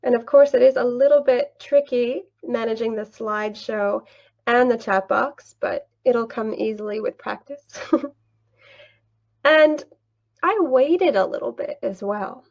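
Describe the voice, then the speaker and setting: A young woman explains online teaching step by step in a patient, teacherly way, asking questions and answering them herself. Her voice sits a little high and carries a gravelly fry. She speaks slowly, and the recording sounds slightly dull. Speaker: English teacher and teacher trainer. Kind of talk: screen-share tutorial with a demo lesson.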